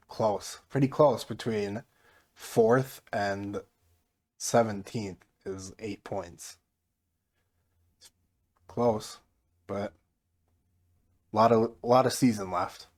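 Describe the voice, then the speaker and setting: A man with a fairly low voice talks through his football management game in a relaxed, mostly monotone way. His casual commentary stays low-key. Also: drawn-out words, pauses often. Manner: mostly flat and low-key, jumping up excitedly at goals; self-described monotone delivery. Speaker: gaming YouTuber.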